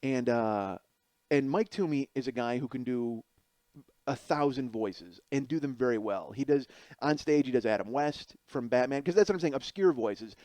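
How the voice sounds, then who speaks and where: A man's voice: mid-range voice, moderate pace, a little mellow, dry recording. A man in his forties from the Chicago area, a stand-up comedian telling rambling, crude stories in a podcast monologue. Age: 40s. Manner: rambling, crude, fond of asides like "you know what I mean". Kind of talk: profane comic storytelling monologue.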